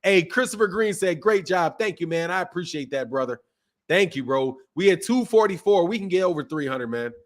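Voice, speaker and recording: Running a relaxed boxing livestream, a man works through the super chats in laid-back slang despite a sore throat. He talks fairly quickly in an expressive, high-pitched voice.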